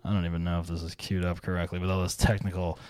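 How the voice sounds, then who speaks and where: A man's voice: low voice, flat delivery, racing, a little mellow. A man hosting a casual podcast, hesitant and full of fillers and restarts. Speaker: podcast host.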